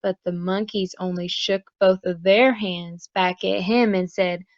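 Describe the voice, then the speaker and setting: A woman preschool teacher reading a storybook aloud to young children, slow and expressive, then asking soft, gentle questions. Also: lowish voice, dry recording, dull audio.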